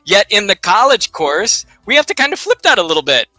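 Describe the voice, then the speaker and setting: Man, high bright voice, animated casual host, lots of rhetorical questions, dry close sound. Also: a little fast, no room sound, faint music behind. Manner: animated, peppers talk with rhetorical questions and jokes. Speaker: librarian co-host of a live research show. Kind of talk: casual live instructional chat.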